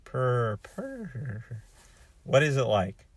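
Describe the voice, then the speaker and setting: A man's voice: medium pitch, sing-song, extremely slow, slightly rough, dry recording. Rambling man musing aloud, dry sound. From North America. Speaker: vlogger. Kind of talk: casual monologue.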